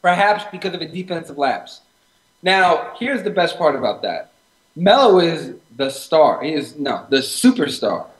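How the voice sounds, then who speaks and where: A man's voice: a little high, sing-song, a little slow, echoey room, poor audio. A man co-hosting a casual sports talk show, arguing his points emphatically and getting worked up. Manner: argumentative, gets worked up and emphatic. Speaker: co-host. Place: studio or room with live stream setup.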